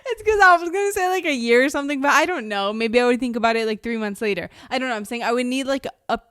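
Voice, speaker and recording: A woman co-hosting a casual podcast, her voice sitting a little high. She is playful and riffs freely, with giggles breaking in. Her voice is recorded close and dry. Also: fast talker, a bit bright, dry recording. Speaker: podcast co-host. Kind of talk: casual chat.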